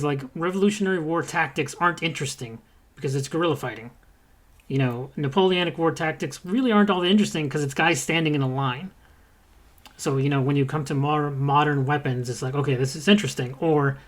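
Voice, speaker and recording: Blunt, profane man in podcast chat. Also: medium pitch. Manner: blunt, profane, animated opinions. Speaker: podcast co-host. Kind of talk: casual gaming podcast chat.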